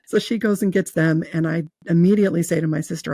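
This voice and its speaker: A woman's voice: on the low side, fairly quick, vocal fry, hardly any pauses, mellow, breathy edge, no room sound. A woman guest earnestly telling a personal story in an interview, with fillers and restarts. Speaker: guest telling her near-death experience.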